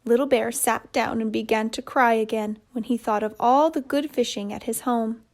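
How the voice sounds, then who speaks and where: A woman telling a children's puppet story in a gentle, measured way. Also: a little high, fairly even intonation.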